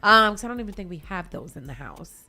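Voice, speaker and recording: A woman co-hosting a morning radio show, telling stories with animated energy and acting out voices. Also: medium pitch, quick pace. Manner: animated storyteller, acts out voices. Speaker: radio co-host. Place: radio studio.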